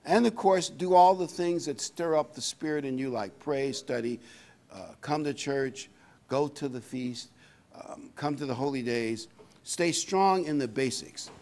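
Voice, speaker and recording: An older man preaching a sermon in a folksy, conversational way, reading scripture aloud and pausing to find verses. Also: mid-range voice, darkish tone. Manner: pauses often with fillers to find verses. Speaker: pastor.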